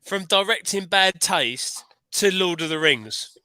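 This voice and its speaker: Man, casual chat, enthusiastic, rambling, bright forceful voice, dry close sound. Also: high voice, animated, slow, no room sound. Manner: enthusiastic, rambling with many restarts. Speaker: livestream co-host.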